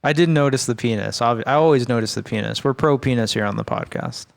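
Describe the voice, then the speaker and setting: A man's voice: mid-range voice, quick pace, creaky. A man co-hosting a podcast, casually recapping a film in a rambling, profane, laid-back way. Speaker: podcast co-host.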